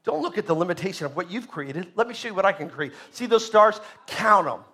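A man voicing God as a calm, hushed male deity giving slow, intimate commands in a sermon. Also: sits high, exaggerated voice. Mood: hushed, tender.

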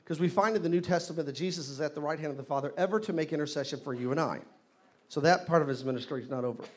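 A man's voice: fairly high pitch, racing. Male pastor preaching to a congregation. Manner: call-and-response preaching, building to loud exclamations. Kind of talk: sermon. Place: church hall.

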